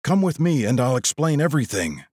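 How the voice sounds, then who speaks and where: A man voicing a desperate, disheveled stranger who speaks in an urgent, strained hush. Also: medium pitch, sing-song, a little fast, slightly rough, no room sound, studio quality, voice pushed up.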